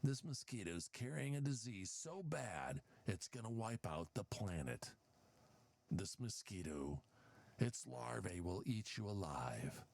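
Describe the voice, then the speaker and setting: A man putting on the voice of an overdramatic, doom-mongering TV news announcer, hushed and ominous, drawn out. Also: fairly low pitch, sing-song, a little slow, creaky, no echo, exaggerated voice.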